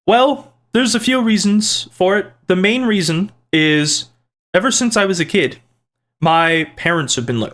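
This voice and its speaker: A man with a fairly high voice chats casually as he reads through comments from his viewers. He rambles, restarts his sentences and tosses in little jokes as he replies, keeping a playful tone throughout. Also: a little slow, a bit bright. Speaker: channel host reading viewer comments. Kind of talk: casual chat.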